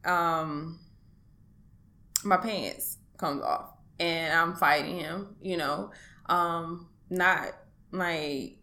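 A woman speaking in an interview, giving a personal account in a halting, hesitant way with many pauses and restarts. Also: lowish voice, steady tone, bright, forceful tone. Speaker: interview guest.

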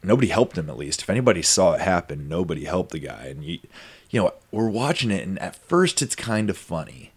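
A man's voice: low voice, sing-song, brisk, husky. A man hosting a podcast, telling a long story in a rambling, casual way full of fillers and asides. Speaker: podcast host. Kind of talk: casual conversation.

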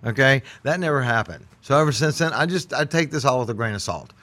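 A man, chatting as a host and telling animated, laughing stories. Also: mid-range voice, quick pace, no echo. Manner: animated storyteller, laughs often. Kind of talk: casual group chat.

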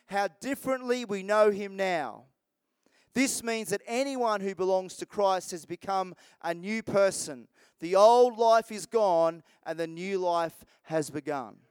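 Male pastor, loose conversational sermon delivery; clean, crisp voice. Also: sits high, a little slow, dry recording. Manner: conversational, rambling with restarts and asides.

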